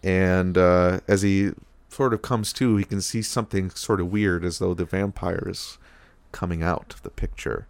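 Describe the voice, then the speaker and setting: Low-voiced man rambling through a recap. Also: fairly even intonation, normal speed, vocal fry, clear, resonant tone, dry recording. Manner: rambling, filler-heavy storytelling with acted-out quotes. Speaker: podcast co-host. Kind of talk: casual chat recapping a TV episode.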